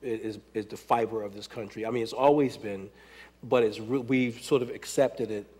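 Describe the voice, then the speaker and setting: An American man who choreographs hip hop dance tells stories in a loose, animated way, acting out quotes and laughing often. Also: fairly low pitch, normal speed, breathy edge. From United States. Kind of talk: conversational panel talk.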